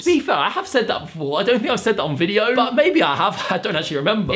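A man who is a YouTuber, talking in casual, jokey, excitable commentary as he reads chatbot replies aloud. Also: sits high, fast talker, hardly any pauses, soft background music. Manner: jokey, excitable, self-mocking.

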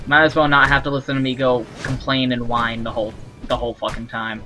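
A man's voice: medium pitch, level tone, a little fast, few pauses, music in the background, poor audio. A man giving casual gameplay commentary, rambling, sarcastic and swearing as he complains. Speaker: let's play gamer.

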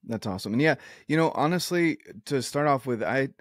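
An earnest male podcast host with a voice of middle pitch, chatting with a guest in a loose, rambling way. His voice is recorded close and dry, with no room sound. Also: lively intonation, a little fast, dry recording. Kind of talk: casual interview chat.

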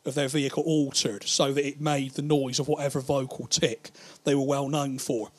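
A man's voice: mid-range voice, little pitch movement, normal speed. A man doing stand-up, telling rambling, profane stories and laughing at his own jokes. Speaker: stand-up comedian. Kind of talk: stand-up storytelling.

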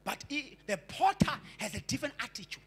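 In a church, a male pastor with a Xhosa accent preaches a fervent sermon in a very high-pitched, sing-song voice at a brisk pace. He repeats and stammers his way into his points, switching between English and isiXhosa.

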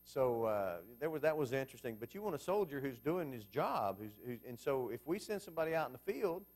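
A man's voice: mid-range voice, very animated, brisk, darkish tone. A man preaching a Bible class sermon in a conversational way, asking the congregation questions as he goes.

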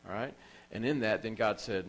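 A man's voice: lowish voice, moderate pace, poor audio. A man preaching a sermon in a church as pastor, telling stories with emotion and repeating phrases for emphasis.

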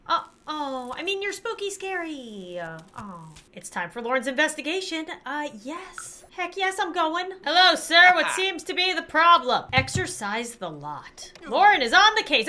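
Excitable high-voiced woman gaming. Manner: excitable, playful, quick reactions. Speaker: gaming YouTuber. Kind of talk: let's play commentary.

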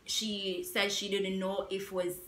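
A young woman vlogger telling a story in a casual, animated way, repeating herself with emphatic asides. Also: mid-range voice, takes it slowly. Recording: echoey room.

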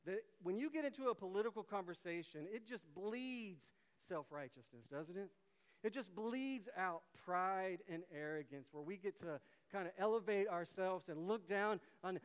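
Animated man preaching in an echoing hall. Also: high-pitched, normal speed, clear, resonant tone. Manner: animated, acts out quotes with big swings in volume. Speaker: pastor. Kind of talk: sermon. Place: church sanctuary.

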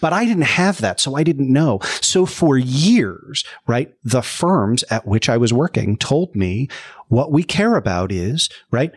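A man who works as a lawyer for podcasts, a guest telling stories in an animated, self-deprecating way. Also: medium pitch, a little slow. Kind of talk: casual conversation.

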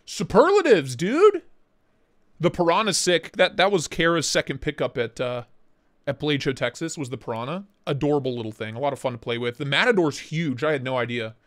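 A man hosting a casual livestream, talking in an excitable, slangy way and swearing freely. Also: medium pitch, fast talker. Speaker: livestream host.

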